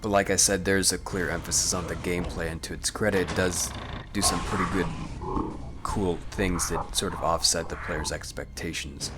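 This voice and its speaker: A man with a low, deep voice delivers measured voice-over commentary on a game walkthrough. He weighs each point analytically and often hedges his opinions. Loud game music plays behind his voice the whole time. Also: steady tone. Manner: thoughtful, analytical, hedging.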